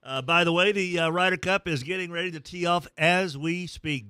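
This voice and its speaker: A man hosting a morning sports radio show, chatting casually and breaking into excited play-by-play. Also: fairly high pitch, normal speed, clean tone, no echo, clean studio sound.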